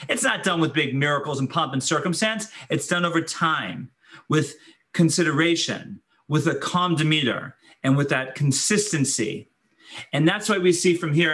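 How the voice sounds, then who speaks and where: A man lectures as a rabbi in a fairly high voice that swings widely in pitch. He tells the story with energy and acts out the voices he quotes, sometimes laughing as he goes. His tone stays bright and clear.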